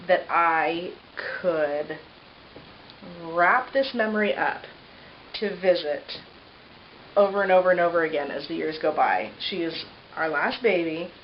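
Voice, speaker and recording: A woman in her thirties chatting casually in a vlog, a mother of three giving a tender, meandering baby update full of fillers. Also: lowish voice. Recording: slightly muffled with faint hiss.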